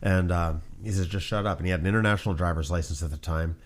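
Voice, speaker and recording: A man hosting a podcast, chatting casually and telling stories in an animated way. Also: deep voice, quick pace. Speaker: podcast host. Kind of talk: casual chat, storytelling.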